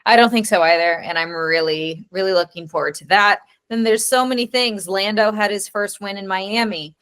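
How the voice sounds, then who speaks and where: A woman's voice: medium pitch, normal speed, fairly bright tone, smooth. A woman co-hosting a podcast in casual chat, enthusiastically listing things one after another. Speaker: podcast co-host.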